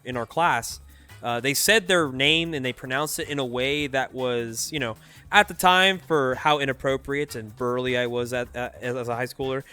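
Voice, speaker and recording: A young man from the Bay Area, commentating a gaming tournament and telling a story in a casual, slangy, animated way. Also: medium pitch, smooth. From California Bay Area. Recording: faint music behind.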